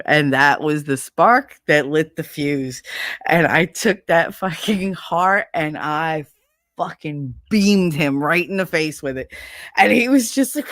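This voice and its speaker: A middle-aged woman hosting a casual show, telling a story in a lively way, with plenty of swearing, and putting on the voices of the people in it. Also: on the low side, takes it slowly, dry recording, clean studio sound. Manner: animated, swearing, acts out voices in retelling. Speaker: host.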